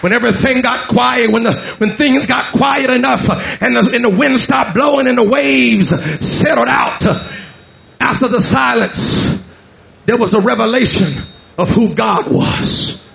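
A male pastor preaching a sermon, shouting in a rising, chanting rhythm with many drawn-out "uh" fillers. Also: extremely high pitch, gravelly.

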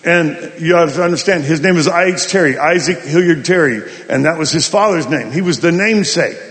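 A male pastor telling a folksy, animated story in a sermon. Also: fairly high pitch, brisk, in a large hall. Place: large hall at a summit.

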